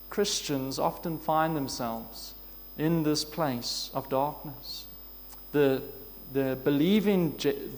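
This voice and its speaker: High-voiced guy preaching, earnest, slow and steady, big echoey hall. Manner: earnest, measured preaching with rhetorical questions. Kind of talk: sermon. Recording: long hall reverb.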